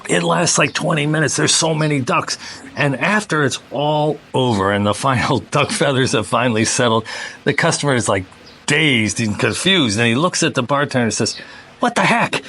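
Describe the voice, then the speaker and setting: A man hosting a relaxed chat who spins a long joke with plenty of restarts. His voice is mid-pitched and ordinary, and there is faint room noise behind him. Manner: rambling storyteller, quick bursts. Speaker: host. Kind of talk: casual chat and joke telling.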